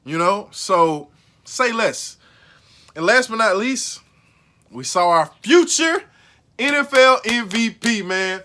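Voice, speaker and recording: A man hosting a casual recap vlog, slangy and excitable, repeating lines for emphasis and swinging from low mumbles to loud outbursts. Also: takes it slowly, long pauses. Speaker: show recap host.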